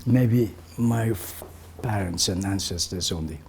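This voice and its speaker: An older man recalling memories for a gathering in a slow, reflective way, his voice often sinking to a soft, breathy near-whisper. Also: low voice, slight background noise. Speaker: community elder sharing memories. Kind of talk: reminiscing talk to a gathering.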